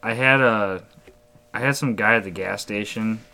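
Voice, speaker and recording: A young man co-hosting a podcast, chatting casually and telling animated stories. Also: fairly low pitch, moderate pace, vocal fry. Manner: animated storytelling, puts on voices for quoted people. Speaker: podcast co-host. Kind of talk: casual chat.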